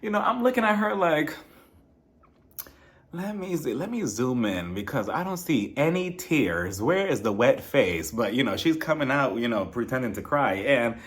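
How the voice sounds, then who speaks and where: Casting note: male reality TV recap host, gossipy and animated, mid pitch, laughs often, jumps into voices for quotes. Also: moderate pace. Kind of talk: casual recap commentary.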